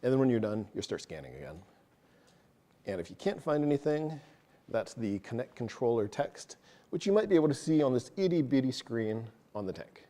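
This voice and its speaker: A man's voice: mid-range voice, big pitch swings, brisk, warm tone. A man presenting at a tech meetup, casually walking an audience through code step by step, with self-deprecating asides. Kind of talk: live technical walkthrough of code.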